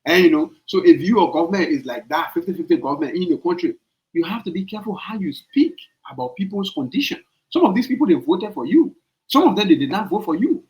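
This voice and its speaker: A man's voice: sits high, big pitch swings, fast, a little mellow, poor audio. A man with a Liberian accent hosting a podcast, giving opinionated political commentary with emphatic repetition and rhetorical questions. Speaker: podcast host.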